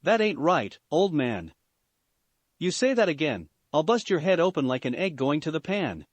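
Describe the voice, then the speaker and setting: A man's voice: on the high side, big pitch swings, moderate pace, no room sound. A man voicing a brash, hot-tempered young male ninja with a threatening manner. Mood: angry. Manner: threatening, heated.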